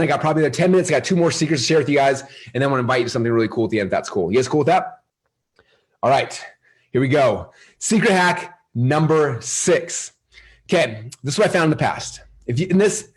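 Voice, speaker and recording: Upbeat guy running a sales webinar, talks super fast, kinda husky voice. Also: medium pitch. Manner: energetic, salesy, asks the audience questions. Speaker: webinar presenter. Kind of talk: live marketing webinar.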